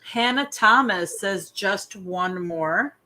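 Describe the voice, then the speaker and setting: Woman host reading chat questions, bright voice, chatty and casual. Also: mid-range voice, expressive, slow. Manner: reads viewer questions aloud, chatty. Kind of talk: casual live-stream chat.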